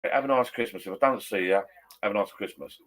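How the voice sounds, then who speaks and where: Quick-paced and a bit bright, his lowish voice carries casual pub chat to live viewers from his garden shed bar. He wanders from point to point and corrects himself as he talks.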